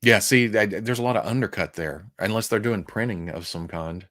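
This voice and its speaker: A man's voice: fairly low pitch, moderate pace, a bit bright. A man with a Southern US accent, hosting a live show and chatting casually with his viewers, rambling, chuckling often and poking fun at himself. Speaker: podcast host. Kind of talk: casual livestream chat with viewers.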